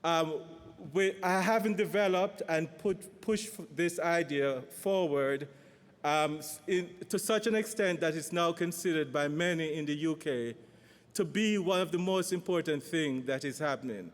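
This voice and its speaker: A man introducing a speaker at a conference, talking in a halting way with restarts. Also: on the high side. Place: large conference hall. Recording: long hall reverb.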